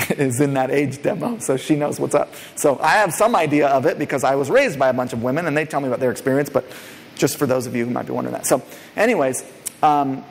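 A man giving an energetic conference keynote from a stage, often turning to quiz the audience directly. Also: mid-range voice, quick pace, creaky. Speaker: keynote speaker. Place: large conference hall, on stage. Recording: long reverb of a large hall.

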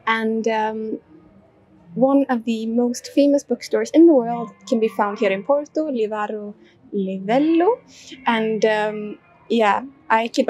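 A woman narrating a casual travel vlog while walking around a city, relaxed, with plenty of ums and uhs. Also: mid-range voice, no echo. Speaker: travel vlogger. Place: outdoors in a city.

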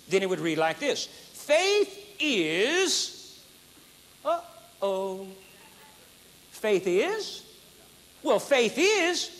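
A man preaching an emphatic, repetitive sermon at a conference, building to high exclamations. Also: a bit bright. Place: conference hall.

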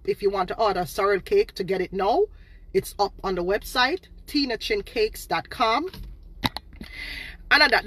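A woman with a Jamaican accent, ranting loudly and scolding people on a live stream from her phone. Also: mid-range voice, slight background noise. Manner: loud, scolding, insulting.

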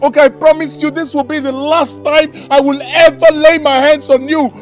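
An actor with a Nigerian accent playing a young husband who begs and shouts for his wife to come home. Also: very high-pitched, flat delivery, normal speed, faint music behind. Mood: pleading. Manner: pleading and shouting, repetitive begging.

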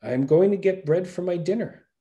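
A man's voice: sits high, fairly quick, mellow, dull audio, pitched above the performer's own voice, lightly acted. A man voicing a scoffing eater with a bottomless appetite. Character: huge-appetite eater, scornful.

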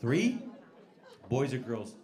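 A man's voice: medium pitch, very animated, takes it slowly, darkish tone. Brash, profane comedian in his forties. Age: 40s. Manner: profane, brash, teasing the audience. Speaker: stand-up comedian. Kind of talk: stand-up crowd work. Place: comedy club stage. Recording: echoey club with crowd noise. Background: laughing club audience.

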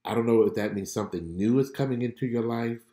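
A man's voice: mid-range voice, fast, warm tone, roomy sound. A man preaching a prophetic message on a livestream. He exclaims, laughs and greets viewers by name. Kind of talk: live-streamed prophetic preaching.

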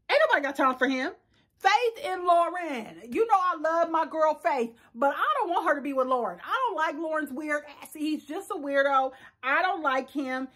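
A woman's voice: high-pitched, animated, normal speed, a bit bright. A young woman hosting a casual reality TV recap, blunt and sassy, laughing often and full of slang. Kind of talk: casual reaction commentary.

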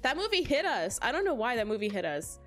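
Giggly high-voiced woman streamer. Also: big pitch swings, fast, a bit bright, soft background music. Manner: giggly, talks straight to chat. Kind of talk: casual live-stream chat.

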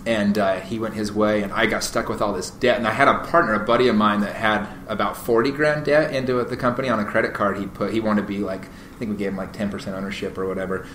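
Bright-voiced man telling rambling stories. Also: fairly low pitch, quick pace. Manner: animated, rambling, many fillers and restarts. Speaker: podcast guest, real estate agent. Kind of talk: casual interview storytelling. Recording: roomy echo, faint noise.

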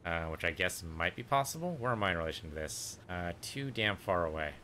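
A man's voice: low-pitched, lively intonation, a little fast, bright, forceful tone, slight background noise. A man casually commenting on his own gameplay, thinking aloud and muttering to himself as he plays. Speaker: let's play gamer.

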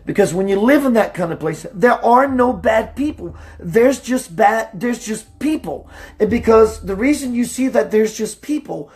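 A man hosting a spiritual talk radio show, preaching emphatically, slowing down for emphasis and greeting listeners by name. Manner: slows down for emphasis, voice dips low and quiet.

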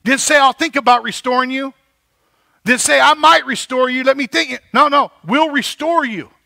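High-voiced bright preaching man. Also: normal speed, vocal fry, dry recording. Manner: preaching with rising emphasis and repeated "right?". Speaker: pastor. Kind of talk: sermon.

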